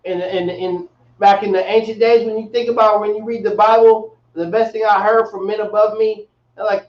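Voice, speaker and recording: A man's voice: high-pitched, moderate pace. Slangy man teaching across an echoey room. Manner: relaxed, slangy, repeats himself. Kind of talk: casual classroom teaching. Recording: echoey, distant, dull room sound.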